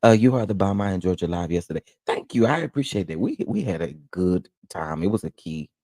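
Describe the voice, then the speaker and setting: A man from Texas with a Southern accent, hosting a casual morning livestream, chatting and reading viewer comments with lively, laughing exclamations. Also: a little fast, creaky, no echo, studio quality. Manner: animated, laughing, jumps into high exclamations. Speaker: livestream host.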